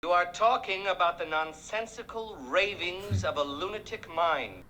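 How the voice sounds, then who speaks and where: An actor playing a prim, high-strung young surgeon with precise diction who bursts into shouting fits, in a 1970s film comedy. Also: male voice, animated, normal speed, low-quality recording. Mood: lecturing. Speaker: lecturing professor.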